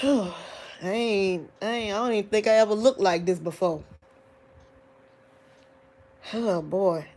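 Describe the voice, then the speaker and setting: A grieving woman hosting a live chat with her viewers, tearful and soft-spoken, often sighing and drawing out her exclamations. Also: mid-range voice, moderate pace. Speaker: livestream host talking to viewers.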